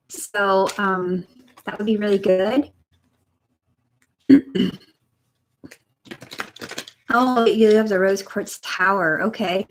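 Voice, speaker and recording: A young woman giving a spiritual energy reading on a live stream, talking softly and encouragingly to viewers by name from a room at home. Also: fairly high pitch, slight background noise. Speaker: energy reader. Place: home room next to her computer.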